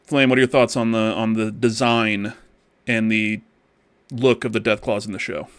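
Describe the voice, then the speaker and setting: A man's voice: on the low side, little pitch movement, normal speed, clean tone. A man hosting a casual podcast, swearing freely and often trailing off to restart his sentences. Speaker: podcast host. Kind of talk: casual chat.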